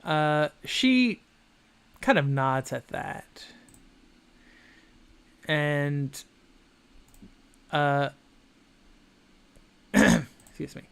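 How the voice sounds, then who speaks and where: Slow, gravelly game master man. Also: a little high, sing-song, a bit bright. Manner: halting, full of fillers. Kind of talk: narrating a tabletop game.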